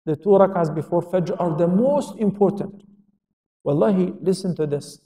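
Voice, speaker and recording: A man's voice: high voice, moderate pace, mellow. A man giving a religious lecture to an audience, asking questions and answering them himself, with quotations in Arabic. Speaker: Islamic lecturer. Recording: echoey hall, speaker far from mic.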